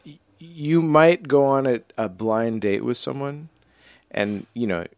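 A man from New England speaks as a guest on a podcast, in a halting way with frequent restarts. He has a middle pitch, and the studio sound is very dry, with no room echo. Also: darkish tone. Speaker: guest musician. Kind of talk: casual chat. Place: recording studio.

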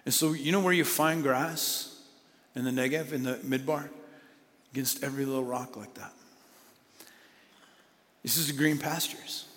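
A man preaching a sermon, animated with playful asides, then dropping to hushed emphasis. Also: medium pitch, moderate pace, long pauses. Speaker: pastor. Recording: long hall reverb.

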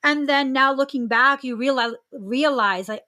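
Bright, expressive woman podcast host. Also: high-pitched, normal speed, few pauses. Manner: expressive, laughs often, exclaims reactions. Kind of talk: casual podcast chat.

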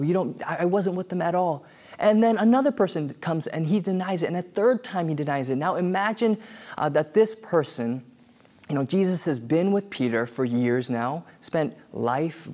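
A man's voice: on the high side, animated, normal speed, darkish tone. A man preaching a sermon in a conversational way, with many fillers and restarts. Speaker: pastor.

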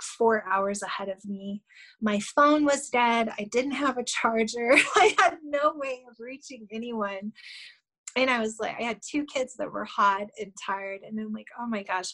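A woman's voice: medium pitch, a bit bright, poor audio. A middle-aged woman, a guest on a podcast, earnestly telling a personal story with many fillers and small laughs. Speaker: guest, shamanic healer.

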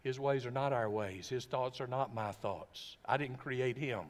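A man's voice: mid-range voice, a little slow. A male pastor preaching a sermon in a church sanctuary, emphatic and full of rhetorical questions. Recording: long reverb of a church hall.

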